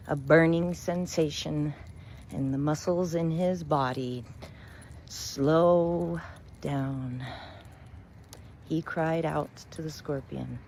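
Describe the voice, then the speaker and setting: A woman storyteller and spiritual reader, telling a fable and reflecting on it in a measured, gentle way. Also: deep voice, creaky, a little hiss or hum.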